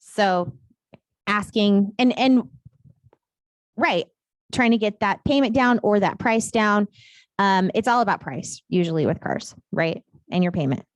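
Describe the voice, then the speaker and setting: A woman's voice: mid-range voice, unhurried, long pauses, no echo. A woman teaching a real estate class in a casual, chatty way, telling stories and laughing often.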